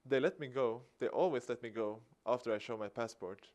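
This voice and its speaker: With a medium-pitched voice and a slightly quick pace, this man from Sweden tells a story during a public talk. An activist speaker, he performs the dialogue with liveliness and a chuckle.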